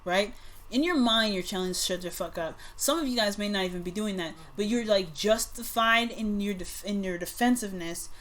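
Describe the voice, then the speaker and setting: A woman giving a casual tarot reading to her viewers. She speaks bluntly, swears freely, and swings between soft musing and loud outbursts. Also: mid-range voice, normal speed. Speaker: tarot reader.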